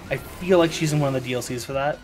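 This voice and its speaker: A man's voice: mid-range voice, rapid-fire, over music. An American man casually rambling to viewers while streaming a video game, often correcting himself mid-sentence. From United States.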